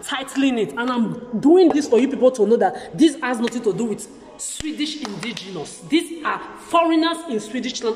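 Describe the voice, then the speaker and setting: A woman's voice: a little high, darkish tone. Heated woman ranting in an echoey room. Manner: heated, repetitive, stammering restarts. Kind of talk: agitated ranting vlog to camera. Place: lives in the country she describes as where she'll age. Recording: echoey room with long reverb.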